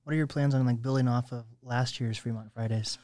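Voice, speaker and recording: A male podcast host keeps the chat easygoing, asking questions and sharing quick stories. His voice sits at an average pitch, and the sound is dry and close. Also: steady tone, darkish tone, no room sound.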